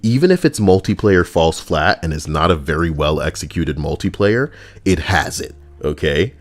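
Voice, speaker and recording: A man's voice: low voice, lively intonation, moderate pace. Male streamer chatting casually; joking, rambling, swoops up and down.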